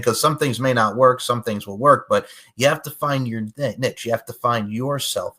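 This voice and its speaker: A man's voice: on the low side, fairly bright tone. A man hosting a casual podcast interview, talking with rambling enthusiasm. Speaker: podcast host.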